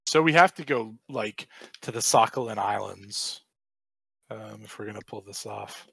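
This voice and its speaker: A man's voice: lowish voice, moderate pace, gravelly, bright, forceful tone, husky, dry recording. A young man in a casual podcast discussion, earnest and self-deprecating, telling jokes. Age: young adult.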